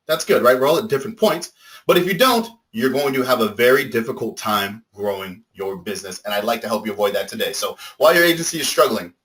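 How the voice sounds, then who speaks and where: A young man giving an energetic motivational talk to a marketing audience, firing questions at listeners and swearing casually. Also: mid-range voice, rough recording. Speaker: speaker at a marketing workshop.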